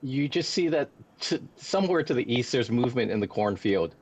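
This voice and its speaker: A man running a tabletop game as dungeon master, calmly describing the scene step by step. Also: mid-range voice, a little fast, a little hiss or hum.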